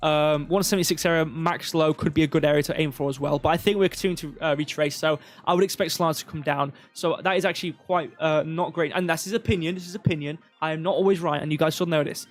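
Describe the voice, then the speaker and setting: A man's voice: fairly high pitch, fairly even intonation, quick pace, few pauses, soft background music. A man hosting a live crypto stream, talking through charts in a rambling, casual way with lots of fillers. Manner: rambling, filler-heavy, thinking aloud. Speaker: crypto livestream host.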